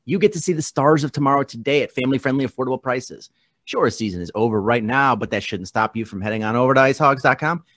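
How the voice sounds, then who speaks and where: A man opens his sports podcast in a relaxed, friendly way and breezes through a sponsor read. His voice sits in the middle range. The recording is dry and close. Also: mid-range voice, quick pace, no echo. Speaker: podcast host. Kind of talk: casual chat with a sponsor read.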